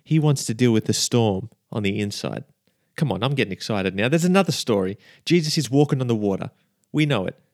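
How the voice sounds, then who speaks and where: A man preaching a lively, emphatic sermon as a minister, often checking in with the listeners. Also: medium pitch, a little fast, dry recording, studio quality.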